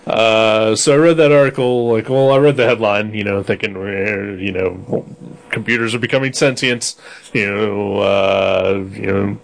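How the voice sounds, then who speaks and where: A man's voice: fairly low pitch, steady tone, unhurried. Rambling, dry-joking male podcast host. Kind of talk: casual chat.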